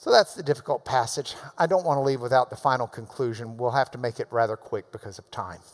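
A man preaching a sermon in a church. He talks emphatically, swinging between loud urging and quiet asides. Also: medium pitch, fast talker. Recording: long reverb of a large hall.

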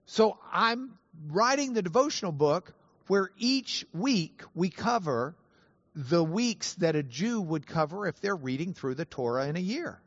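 Animated man teaching Scripture. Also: sits high, dry recording, highs cut off. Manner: animated, playful, spells out Hebrew words slowly. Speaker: Bible teacher. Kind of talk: lively teaching talk to an audience.

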